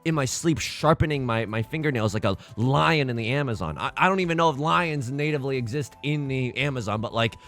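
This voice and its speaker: A young man giving casual, self-mocking commentary over a mahjong game, jokey and animated. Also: medium pitch, a little fast, hardly any pauses. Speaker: mahjong streamer. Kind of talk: casual let's-play commentary.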